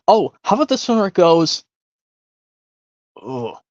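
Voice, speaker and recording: A chatty streamer rambles between impressions, thinking aloud with little hums and false starts. The pitch bounces around a lot. The sound is dry and a bit dull, like a lo-fi home mic. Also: very animated, slow, no room sound. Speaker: streamer hosting an impressions game. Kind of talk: casual rambling stream chat.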